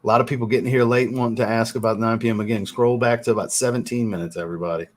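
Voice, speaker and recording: A man hosting a casual fragrance livestream, thinking out loud and answering viewers' chat messages as he goes. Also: mid-range voice, fairly even intonation, rapid-fire.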